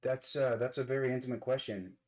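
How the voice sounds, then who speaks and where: An earnest man chats casually as he puts on makeup for his vlog. His voice sits at a middle pitch. He stops and restarts his phrases often, repeating words on the way. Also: fast talker, over a noisy crowd, low-quality recording. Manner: earnest, repeats words while searching for them. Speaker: vlog host. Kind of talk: casual talk while doing makeup.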